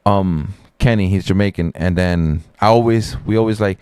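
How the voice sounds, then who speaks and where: New guy hosting a stream, animated storyteller, dry mic, swears a lot. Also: low voice, normal speed, clear, resonant tone, dry recording. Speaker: streamer host. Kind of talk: casual chat.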